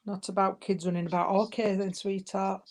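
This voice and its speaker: A woman's voice: mid-range voice, level tone, normal speed, noisy background. A woman, working as a spiritualist medium and giving spirit messages, calling her listeners darling and sweetheart. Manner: warm, calls people darling and sweetheart.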